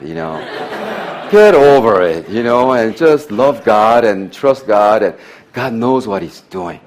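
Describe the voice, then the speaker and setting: A man in his fifties preaching a sermon with personal testimony, telling stories in a loose, halting way and laughing at his own jokes. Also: lowish voice, sing-song. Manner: loose, halting phrasing with frequent "you know". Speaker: pastor.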